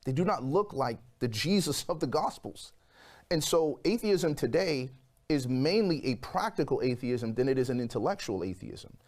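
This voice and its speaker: A man in his forties recounting a personal testimony as an interview guest. He talks in a mid-pitched voice and tells the story with animation, acting out the voices of the people in it. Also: expressive, moderate pace, darkish tone.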